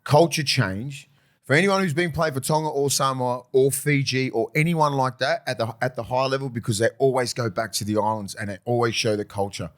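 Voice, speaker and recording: A man's voice: medium pitch, a little fast. A man chatting casually as a podcast co-host, rambling and laid-back, swearing now and then. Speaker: podcast co-host, former player. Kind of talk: casual chat.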